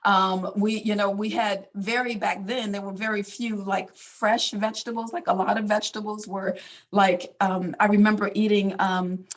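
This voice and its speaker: Middle-aged woman, mid-pitched, casual storyteller with lots of fillers, physician giving a community talk. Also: flat delivery, moderate pace. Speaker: physician speaker. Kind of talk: personal testimony talk.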